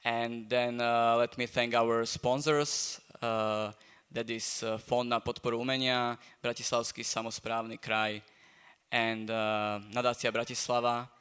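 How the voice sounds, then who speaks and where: Guy hosting a festival talk in english, smooth resonant voice, lots of uhs and ums. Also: medium pitch, little pitch movement, unhurried, a bit bright. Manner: hesitant, many fillers. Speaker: host, journal editor. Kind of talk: live public talk introduction. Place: festival event space.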